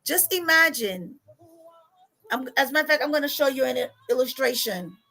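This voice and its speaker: A woman's voice: high voice, fast, gravelly, a bit bright, rough recording. A middle-aged woman, coaching viewers on a live stream, emotional and often laughing through tears as she reads their comments. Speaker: life coach.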